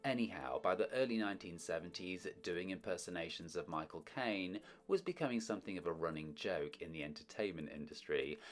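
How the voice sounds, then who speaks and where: A man's voice: low voice, lively intonation, brisk, hardly any pauses. A man hosting a film history video, reading a script with wry, opinionated asides. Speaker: host of a film history channel.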